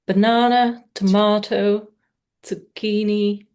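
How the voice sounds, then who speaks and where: A woman's voice: mid-range voice, level tone, darkish tone, clear, resonant tone. A woman learner in an online pronunciation lesson, carefully repeating practice words one by one over a video call. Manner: careful, deliberate word-by-word repetition.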